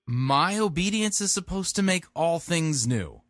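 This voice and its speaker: A man who hosts a show, commenting critically on sermon clips in a sharp, pointed way. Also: fairly high pitch, expressive, a little slow, no room sound, studio quality. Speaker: podcast host.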